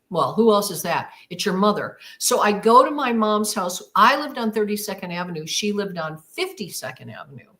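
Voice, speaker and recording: A woman's voice: medium pitch, expressive, moderate pace, hardly any pauses, fairly bright tone. Woman telling a story with emotion. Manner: emphatic, dramatic retelling with quoted inner thoughts. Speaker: guest. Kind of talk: animated storytelling interview.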